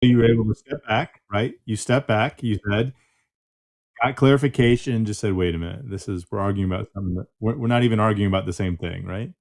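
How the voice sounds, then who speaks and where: A male podcast host with a fairly low voice, reflecting on his guests' story. He talks it over in a conversational way and keeps checking in with "right?". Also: fast talker, vocal fry.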